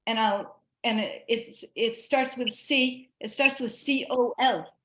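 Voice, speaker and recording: A woman giving a chatty online talk to teachers, animated and given to restarts. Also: on the high side, slow pace, echoey room. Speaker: presenter.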